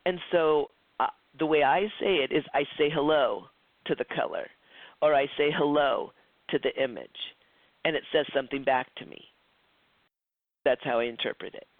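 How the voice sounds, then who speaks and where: This man's fairly high, steady voice moves at a moderate pace with frequent pauses as he teaches a psychic development class. The recording is tinny, lo-fi, phone-like and dry without echo, and he lectures chattily, performing quoted lines and restarting sentences often.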